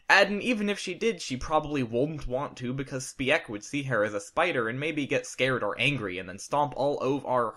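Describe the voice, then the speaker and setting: Narrator: man, bright tone, deadpan straight read, home mic. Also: mid-range voice. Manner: straight-faced, reads mistakes as written. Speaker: narrator, fan fiction reader. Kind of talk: deadpan storybook reading. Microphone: home condenser microphone.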